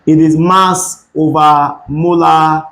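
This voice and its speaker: Guy tutoring chemistry, slightly high voice, goes slow and repeats stuff. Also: fairly even intonation, fairly bright tone, low-quality recording. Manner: methodical, repeats key points. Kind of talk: exam-prep lesson.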